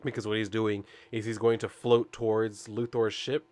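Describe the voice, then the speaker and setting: A man's voice: fairly low pitch, little pitch movement, normal speed, a little mellow. A man casually recapping a comic book issue, rambling with lots of "like" and "I guess", often chuckling to himself.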